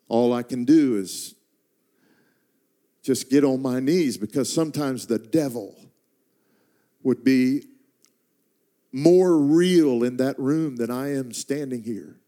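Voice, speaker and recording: A man's voice: medium pitch, takes it slowly, pauses often, mellow. A middle-aged man, a traveling preacher, telling a personal story in a sermon and swelling into impassioned prayer before a congregation. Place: church stage before a congregation.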